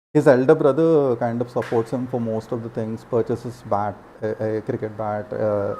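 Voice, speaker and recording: Mellow-voiced man reminiscing. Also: medium pitch, a little hiss or hum. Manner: emotional, hesitant with many fillers. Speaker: gaming channel host. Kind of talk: casual personal storytelling.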